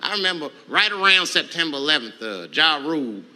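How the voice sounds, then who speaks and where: A male stand-up comedian telling profane stories, swinging from low mutters to loud outbursts. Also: brisk. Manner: profane, animated, leaps between muttering and shouting. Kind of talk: stand-up storytelling. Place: live comedy stage. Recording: noisy live stage recording.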